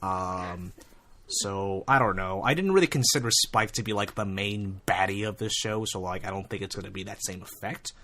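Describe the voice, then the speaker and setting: Woman guest w a super deep voice, kinda hesitant, lots of likes and ums. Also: moderate pace, a bit bright. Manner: hesitant, many fillers. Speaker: podcast guest. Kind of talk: casual chat.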